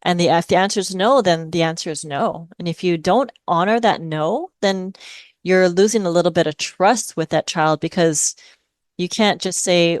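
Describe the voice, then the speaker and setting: A middle-aged woman from Hawaii speaks in a smooth, resonant voice that sits a little low. She explains her work with the patience of a speech-language pathologist, and she is recorded close and dry with no room sound. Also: normal speed, dry recording. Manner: patient, explanatory, models phrases in a lilting parent voice. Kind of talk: podcast interview conversation.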